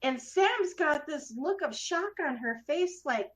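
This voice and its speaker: A woman's voice: high-pitched, slow, background noise. A woman hosting a casual chat show, telling a story and acting out the voices in it. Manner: animated storyteller, acts out quoted voices. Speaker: host. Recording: dull lo-fi sound.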